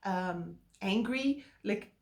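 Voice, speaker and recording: A woman co-hosting a relationship talk, explaining calmly and earnestly with filler words. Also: mid-range voice, very slow, gravelly. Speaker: co-host. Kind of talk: casual chat. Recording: roomy echo.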